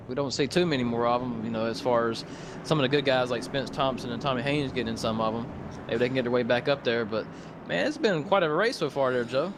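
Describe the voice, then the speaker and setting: A man's voice: medium pitch, background noise. A man with a Southern US accent giving easygoing, chatty color commentary on a sim racing broadcast.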